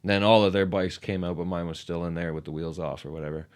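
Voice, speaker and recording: Low-voiced man telling a rambling story. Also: fast. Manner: rambling, lots of "like", animated retelling. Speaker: podcast guest, ramp builder. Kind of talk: casual storytelling chat.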